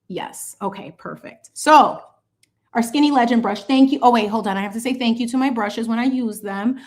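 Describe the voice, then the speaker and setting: A woman's voice: a little high, moderate pace. A woman chatting sassily and playfully while she paints on a livestream, mixing in bits of Spanish. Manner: animated, sassy, playful with lots of asides. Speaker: channel host painting on a livestream.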